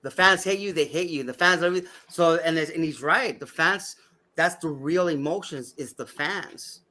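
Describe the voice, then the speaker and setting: A man, a wrestling referee guest on a podcast, telling stories in a lively, profane way and acting out other people's voices. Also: fairly high pitch, normal speed. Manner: animated, acts out voices, swears freely. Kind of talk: casual podcast storytelling.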